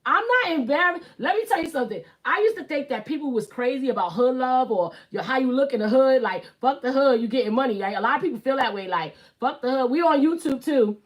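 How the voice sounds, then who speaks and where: A woman's voice: high-pitched, lively intonation, fast, few pauses. A woman in her thirties with a Brooklyn accent, hosting a casual live stream and talking bluntly, with swearing and emphatic repeats. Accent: Brooklyn New York. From Brooklyn, New York. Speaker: YouTube live host.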